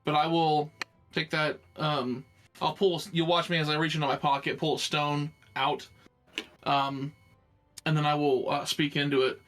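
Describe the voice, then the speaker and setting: Rich: A man with a fairly high voice chatting as a player in a tabletop game. He stumbles through his thoughts with lots of fillers and restarts, over faint background music. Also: flat delivery, a bit bright. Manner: halting, many fillers and restarts. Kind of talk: casual tabletop game chat.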